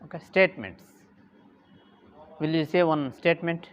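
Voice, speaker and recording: A man giving a lesson, speaking deliberately, repeating key terms and saying "okay" often. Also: on the high side, animated, lo-fi sound. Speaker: English teacher. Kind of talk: classroom lecture.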